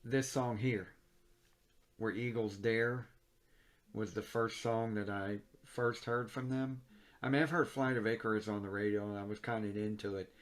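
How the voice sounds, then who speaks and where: A middle-aged man talks casually in his home office, his voice sitting a little low. He rambles, fills pauses with ums and uhs, and corrects himself as he goes. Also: steady tone. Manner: rambling, many fillers and self-corrections. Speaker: record collector reviewing albums. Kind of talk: casual vlog chat. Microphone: mic on a stand near the camera.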